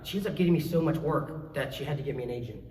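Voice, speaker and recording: A man in his thirties with a New Zealand accent, telling lively stories as a guest on a convention panel. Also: fairly high pitch, rapid-fire, a little hiss or hum. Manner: lively, laughing, acts out voices. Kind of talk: animated storytelling. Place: large convention hall. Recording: echoey hall from far off.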